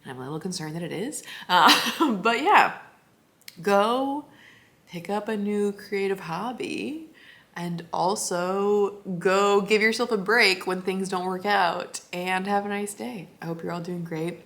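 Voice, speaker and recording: A woman's voice: mid-range voice, a little slow, a bit bright. A young adult woman vlogging casually to the camera, rambling and chatty with lots of "like" and little laughs.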